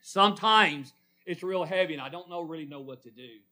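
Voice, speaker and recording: A man's voice: on the high side, brisk, pushed and bright. A man preaching a sermon in church, asking the congregation questions and calling on people by name. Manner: calls on listeners by name, call-and-response questions.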